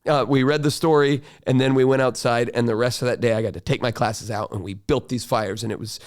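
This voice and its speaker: A male teacher telling a classroom story in a reflective, conversational monologue, acting out quoted dialogue and asking "right?" often. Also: a little fast. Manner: animated, acts out quoted dialogue with rising pitch. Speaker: teacher and podcast host.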